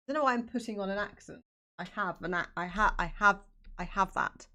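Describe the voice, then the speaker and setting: A woman's voice: on the low side, fairly quick, vocal fry, bright, forceful tone. Woman, casual streamer, answers chat while drawing, easygoing and talkative. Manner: chatty, answering viewers' comments.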